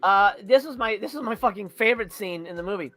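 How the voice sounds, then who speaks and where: A woman's voice: mid-range voice, quick pace, faint music behind. A woman co-hosting a casual movie-review chat who laughs often and swears freely while listing what she loves. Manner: giggly, profane, animated list of gripes. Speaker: podcast co-host reviewing movies.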